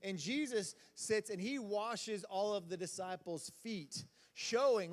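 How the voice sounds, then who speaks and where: High-voiced casual preacher in a reverberant hall. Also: male voice, lively intonation, normal speed, fairly bright tone. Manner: casual, rambling delivery with audience banter. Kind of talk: sermon. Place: church hall.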